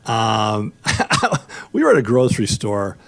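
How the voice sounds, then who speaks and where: Animated middle-aged man hosting radio talk. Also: lowish voice, slow, gravelly. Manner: animated storyteller, rising into exclamations. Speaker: law show host. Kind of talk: casual radio banter.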